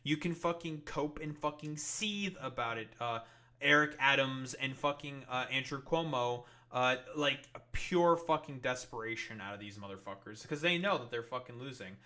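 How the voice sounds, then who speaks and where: A man's voice: mid-range voice, normal speed, sharp tone. A man giving angry, profane reaction commentary on political clips, full of fillers and curses. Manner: angry, swearing, many fillers. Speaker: political streamer.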